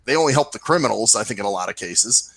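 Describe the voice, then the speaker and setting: Animated swearing male ranter. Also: on the low side, fast, breathy edge, dry recording, poor audio. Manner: ranting storyteller, animated, swears freely; mimics people in put-on voices. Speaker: podcast co-host. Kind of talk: casual profane chat.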